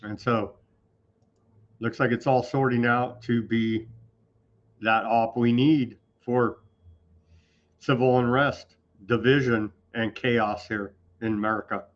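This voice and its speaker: A man's voice: mid-range voice, steady tone, slow, pauses often. A man hosting an online news show in a loose, off-the-cuff way, with sarcastic asides. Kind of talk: casual online news commentary. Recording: slightly dull lo-fi sound.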